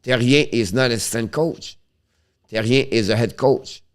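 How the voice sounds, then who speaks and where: He speaks with a Quebec French accent while hosting a laid-back hockey live stream, answering viewers haltingly, often restarting sentences, and moving between English and French. His mid-range voice is clear with a resonant tone.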